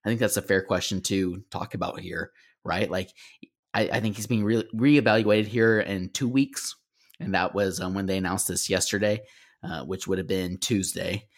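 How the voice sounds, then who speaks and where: A man's voice: deep voice, fairly even intonation, moderate pace. A man co-hosting a podcast, talking casually and hesitantly, with lots of fillers. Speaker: podcast co-host. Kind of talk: casual sports chat.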